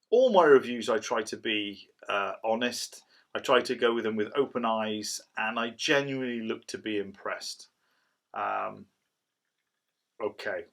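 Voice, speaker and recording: Rambling middle-aged cider reviewer. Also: male voice, mid-range voice, fairly bright tone. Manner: rambling, chatty, self-described waffler. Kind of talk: casual product review.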